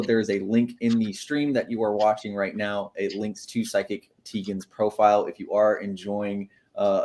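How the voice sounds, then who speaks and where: Male host, fairly low voice, upbeat promo delivery for a livestream. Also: darkish tone.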